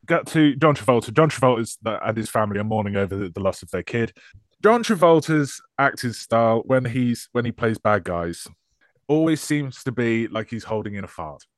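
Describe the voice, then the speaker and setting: A man co-hosting a film podcast, his pitch swinging widely as he jokes and laughs through the plot. His voice is close and dry, with no room sound. He banters loosely and sarcastically. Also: animated, normal speed, no echo. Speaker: podcast co-host. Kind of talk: casual chat.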